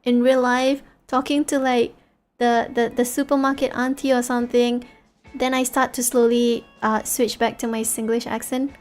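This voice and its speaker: A woman's voice: fairly high pitch, flat delivery, moderate pace, a little mellow, faint music behind. A young woman from Singapore with a light Singaporean English accent, chatting casually on a stream, giggly and full of fillers and restarts. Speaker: VTuber streamer.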